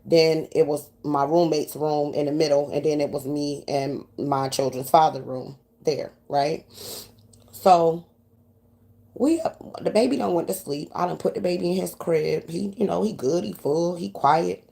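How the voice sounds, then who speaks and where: With a low, creaky voice and a slightly slow pace, a New York woman with a New York accent tells a profane story to her audience, casual and animated.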